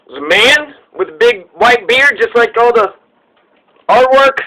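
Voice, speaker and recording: A man's voice: extremely high pitch, lively intonation, a little slow, bright, forceful tone, low-quality recording. A man giving casual, irreverent commentary, ranting with plenty of profanity. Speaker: podcast host.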